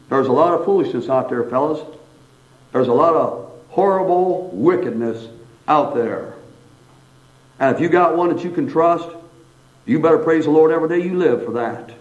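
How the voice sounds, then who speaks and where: Man preaching, folksy and animated, fairly high voice, dull lo-fi recording. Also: normal speed, pauses often. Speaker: pastor. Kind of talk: sermon.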